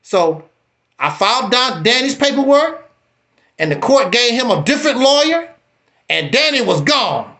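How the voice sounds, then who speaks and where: A man telling his own story on a live stream, animated and repeating himself, then bluntly challenging the other speaker. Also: extremely high pitch, a little slow.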